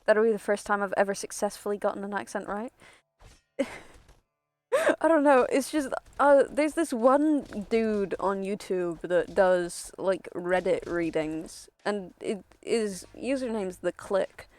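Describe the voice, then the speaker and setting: A woman's voice: mid-range voice, a little slow, darkish tone, no room sound, faint music behind. A woman streaming a video game, chatting casually in a rambling, self-interrupting way and laughing often.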